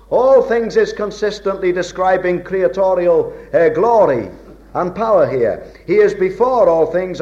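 A man preaching a sermon in a measured, old-fashioned way, slowing down to stress key words. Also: sits high, animated, darkish tone. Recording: dull lo-fi recording.

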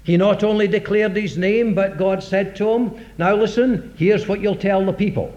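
Dramatic high-voiced preacher, lo-fi. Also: male voice, steady tone, normal speed, darkish tone. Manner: dramatic, rhetorical, acts out voices of scripture. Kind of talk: sermon. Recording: dull lo-fi recording.

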